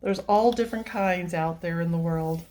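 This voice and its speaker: A woman's voice: on the low side, moderate pace, darkish tone. Gushing, teary woman vlogger. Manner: emotional, gushing, laughs often. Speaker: coloring channel host. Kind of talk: casual heartfelt vlog.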